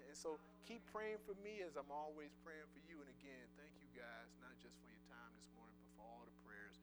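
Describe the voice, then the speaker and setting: A man giving a sermon with personal testimony, conversational and emphatic, repeating words and swinging from loud declarations to soft murmurs. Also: medium pitch, brisk, hardly any pauses, over music.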